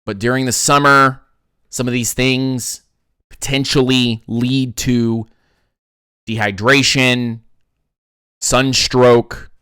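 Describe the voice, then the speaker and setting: A man's voice: medium pitch, slow pace, pauses often, clean tone, dry recording, clean studio sound. A man hosting a casual sports talk show, ranting with lots of restarts. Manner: animated ranting, frequent restarts. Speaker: podcast host.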